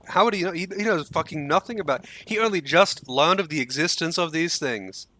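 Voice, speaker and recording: Young Australian man, casual game commentary, rambling, swears, bright tone. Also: a little high, brisk. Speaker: streamer.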